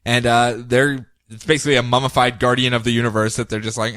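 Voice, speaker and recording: A man co-hosting a podcast, recapping comic books in a casual, animated way and laughing often. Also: medium pitch, no room sound, studio quality. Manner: animated, laughing, puts on quick voices for characters. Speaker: podcast co-host.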